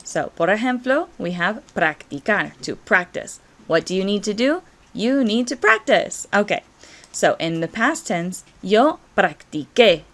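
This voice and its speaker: A woman Spanish teacher, encouraging and slow and clear as she walks through verb conjugations in a recorded lesson. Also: medium pitch, expressive, fairly bright tone.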